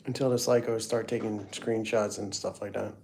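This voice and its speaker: A man's voice: on the low side, little pitch movement, normal speed, vocal fry, a little mellow, a little hiss or hum. A middle-aged man hosting a casual livestream, rambling through family photos and chatting to viewers by name. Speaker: livestream host.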